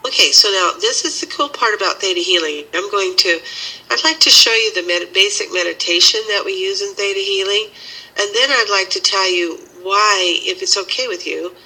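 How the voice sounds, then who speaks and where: Woman with a really bright husky voice, slow soothing guided meditation. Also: medium pitch, poor audio. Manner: slow, soothing guiding instructions. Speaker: healing teacher.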